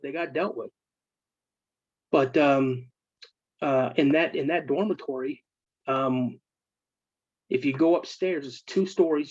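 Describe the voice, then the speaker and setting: A military veteran casually tells ghost stories from his service, animatedly acting out his friends' voices. His voice is on the high side and slightly rough, recorded with no echo and the highs cut off.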